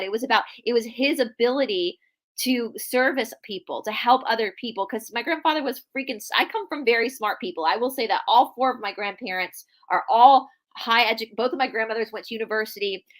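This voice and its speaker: A young woman co-hosts a podcast over a live video call, telling a family story from her own life in an earnest, chatty way and often starting her sentences over. Her voice is on the high side, brisk and fairly bright, suited to this casual live-stream conversation.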